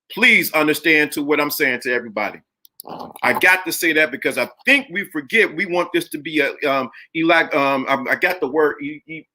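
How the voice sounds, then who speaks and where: A man's voice: on the high side, pushed and bright. A man hosting a live-streamed talk show, speaking emphatically, greeting chat viewers by name and repeating phrases for effect. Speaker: livestream host.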